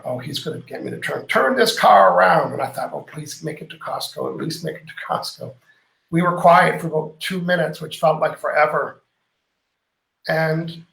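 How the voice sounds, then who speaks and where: A middle-aged man hosts a live online show, chatting through viewer comments and telling lively stories, acting out each quoted line. His voice sits a little high with a gravelly edge. The room around him rings with echo. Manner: animated storyteller, acts out quoted lines. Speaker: host. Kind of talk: live-stream chat reading viewer comments.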